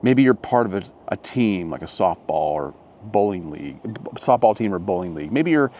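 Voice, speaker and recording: A man with a lowish voice talks to camera outdoors in a relaxed, reflective way. His pitch rises and falls a lot as he muses, and he often trails off and restarts his sentences. A faint outdoor hum sits behind him. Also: moderate pace. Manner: musing, rambling, with frequent restarts. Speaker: motivational vlogger. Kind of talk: casual reflective monologue.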